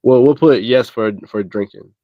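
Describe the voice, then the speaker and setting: On a podcast video call, a male guest with a mid-range voice takes the host's dating quiz at a moderate pace, answering in a relaxed way with blunt slang. The group chat is casual, and the audio is dull but free of echo.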